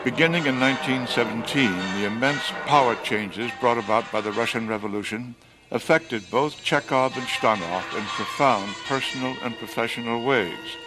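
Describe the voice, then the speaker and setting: A man reading scripted documentary narration in a grave, measured way. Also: mid-range voice, poor audio. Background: music.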